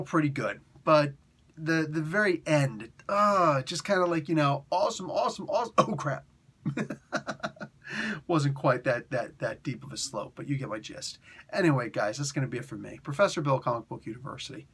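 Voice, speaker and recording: A man's voice: on the high side, expressive, moderate pace, fairly bright tone, breathy edge. A man hosting a casual comic book review, talking in a rambling, chatty way full of fillers and restarts.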